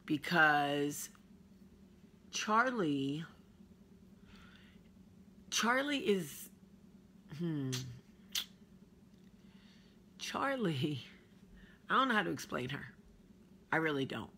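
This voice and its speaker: A woman in her thirties chats through her morning in a slow, drawling way, telling family stories with sighs and yawns. Her voice sits low but has a bright edge. A faint hum of room noise runs behind her. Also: very animated. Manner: chatty, drawling, warm storytelling with sighs and yawns. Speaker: vlog host. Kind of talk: casual morning chat.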